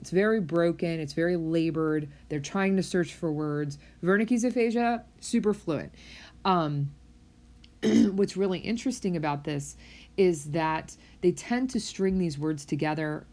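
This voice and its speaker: A woman delivers a recorded university lecture in a loose, chatty manner. Her voice sits a little low, and she fills pauses with ums and uhs and restarts her sentences as she explains. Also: darkish tone. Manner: conversational, with many fillers and restarts. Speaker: psychology lecturer.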